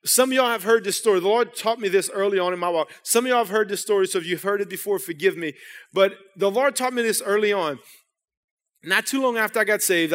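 A man's voice: high-pitched, fairly bright tone. Man preaching in a reverberant church. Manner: storytelling, conversational with repeated restarts. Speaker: pastor. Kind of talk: sermon. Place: church sanctuary. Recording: long hall reverb in church.

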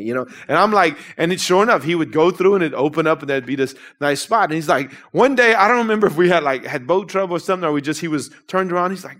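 A middle-aged man preaching in a church, animated and conversational with casual slang. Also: on the high side, fast talker, few pauses. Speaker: pastor. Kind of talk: sermon. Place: church sanctuary.

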